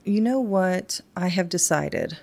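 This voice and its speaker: Brief: woman podcast co-host, low-pitched voice, playful and chatty, laughs often. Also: expressive, slow pace, gravelly, a little mellow. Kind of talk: casual chat.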